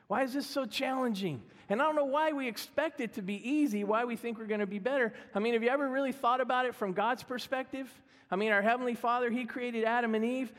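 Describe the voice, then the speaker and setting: High-voiced pastor preaching in a reverberant hall. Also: male voice, steady tone, quick pace, hardly any pauses, a bit bright. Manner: humorous, self-deprecating, conversational. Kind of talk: sermon. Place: church sanctuary. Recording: long reverb of a church hall.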